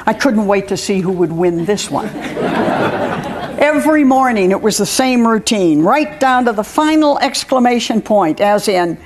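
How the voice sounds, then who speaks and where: A woman's voice: mid-range voice, lively intonation, moderate pace. A woman author reading her own personal story aloud, with wry humor and frequent laughter.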